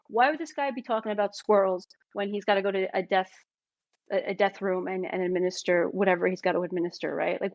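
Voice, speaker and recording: A woman with a New York accent, a filmmaker talking as a podcast guest, emphatic and animated, often checking in with "right?". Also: mid-range voice, no room sound, highs cut off. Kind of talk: casual podcast conversation.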